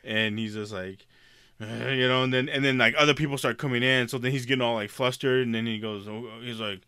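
A man's voice: mid-range voice, steady tone, a little fast, bright, forceful tone, clean tone, no room sound, studio quality. A man on a podcast telling a story in a casual chat, profane and laughing often. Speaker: podcast co-host.

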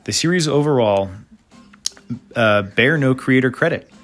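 A man's voice: mid-range voice, animated, unhurried, a bit bright, faint music behind. A man hosting a casual monologue, rambling with many fillers and side remarks. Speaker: host.

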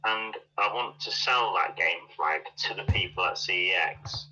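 Joking man with a bright voice. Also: deep voice, unhurried, soft background music. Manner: joking, banters. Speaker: player. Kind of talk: casual tabletop play. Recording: muffled, faint background noise.

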